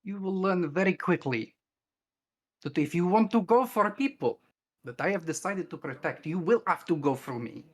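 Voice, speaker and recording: A hulking, protective warrior, played by a man, who speaks slowly and formally. His voice sits a touch high and moves a lot in pitch. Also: expressive. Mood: threatening. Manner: slow, formal, threatening. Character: big protective male warrior, slow and solemn.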